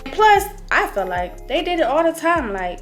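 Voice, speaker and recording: A young woman in her early twenties tells a story to camera with a high voice that swoops all over. Her talk is loose, slangy and profane. Music plays clearly under her. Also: big pitch swings, normal speed. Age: early 20s. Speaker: vlogger. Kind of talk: casual storytelling.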